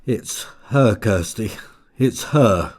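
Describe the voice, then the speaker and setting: A man reading the part of an anguished husband haunted by guilt, speaking low, desperate and bitter. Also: lively intonation, slow, darkish tone, no room sound, studio quality.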